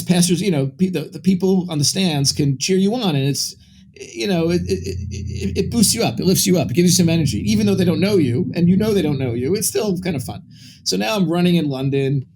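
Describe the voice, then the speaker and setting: A man's voice: fairly high pitch, darkish tone. Candid man telling a personal story. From Brooklyn, New York. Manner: candid, rambling, with frequent restarts and asides. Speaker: interview guest. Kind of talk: personal storytelling in a conversational interview.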